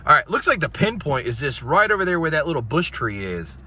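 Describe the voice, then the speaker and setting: Lively, bright-voiced country man rambling. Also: on the high side, fairly quick, a little hiss or hum. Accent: Southern US country. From Florida, US. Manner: rambling, jokey, swears a lot. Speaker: paranormal vlogger. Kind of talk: casual vlog chat. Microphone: phone camera held by a companion.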